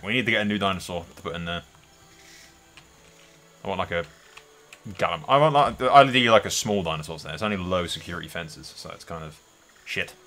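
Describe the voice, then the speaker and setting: A man's voice: low-pitched, bright, forceful tone. A man doing casual let's-play commentary, thinking aloud and swearing often. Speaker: gameplay host.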